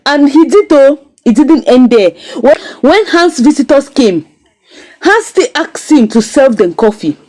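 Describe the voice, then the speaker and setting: A woman giving a casual, expressive recap and critique of a drama series episode. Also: sits high, a little slow, rough recording. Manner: animated, expressive storytelling. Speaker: series reviewer.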